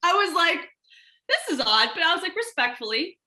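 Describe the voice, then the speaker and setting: A woman's voice: extremely high pitch, moderate pace. A woman, a stunt performer and martial artist, telling stories as an interview guest and acting out the lines of the people in them. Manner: animated, acts out quoted dialogue. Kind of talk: casual interview storytelling.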